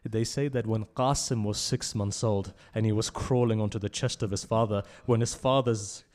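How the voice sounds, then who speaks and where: A man giving a mourning sermon that moves from hushed, low telling to loud, high, tearful pleading, choked with tears. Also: steady tone, moderate pace. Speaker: speaker at a memorial gathering. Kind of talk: Shia majlis sermon with mournful recitation.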